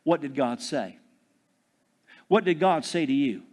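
A man preaches with a voice that sits a little high for a man and climbs into loud proclamations before dropping to a hush. He stretches key phrases slowly and keeps calling out to his congregation for an answer. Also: expressive. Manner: dramatic swings from loud preaching to hushed, drawn-out phrases; calls out for congregation responses. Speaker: pastor. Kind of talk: sermon.

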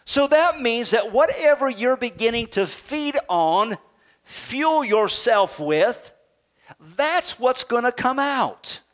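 A middle-aged male pastor delivering a sermon in a notably high voice. He preaches emphatically, building to near shouts and then falling soft and slow to make his points. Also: very animated.

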